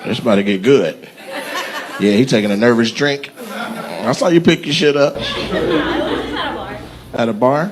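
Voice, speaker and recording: A man's voice: mid-range voice, measured pace, pauses often, noisy background. A man doing stand-up crowd work on a club stage, teasing audience members in loose, slangy banter. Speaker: stand-up comedian. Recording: live club recording, loud crowd laughter.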